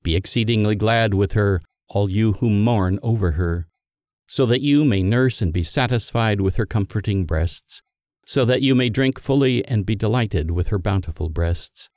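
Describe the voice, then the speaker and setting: A man giving a scripted liturgical Bible reading in a measured, solemn manner that lifts for quoted speech. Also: on the low side, darkish tone, no echo, clean studio sound. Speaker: scripture reader.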